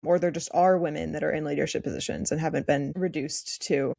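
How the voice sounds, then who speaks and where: A woman's voice: sits low, fairly even intonation, fairly quick, creaky, warm tone, no room sound, studio quality. A young woman in college, co-hosting a podcast in casual chat and talking in an emphatic, fired-up way. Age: young adult. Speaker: podcast co-host.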